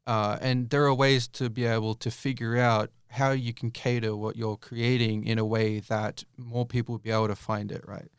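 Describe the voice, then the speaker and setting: A man's voice: mid-range voice, level tone, moderate pace, few pauses, clean tone, no echo, studio quality. A young man answering interview questions casually, rambling with many fillers and restarts. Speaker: YouTube creator guest.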